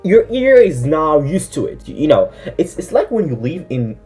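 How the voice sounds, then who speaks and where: A woman's voice: low-pitched, big pitch swings, moderate pace, dark tone, soft background music. A woman whose first language is Arabic gives earnest, encouraging advice in a casual vlog, with many fillers and self-corrections. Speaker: English-learning vlogger.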